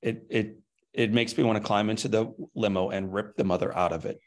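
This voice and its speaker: A man hosting a heartfelt interview, asking earnest questions with measured empathy. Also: on the low side, steady tone. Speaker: interview host.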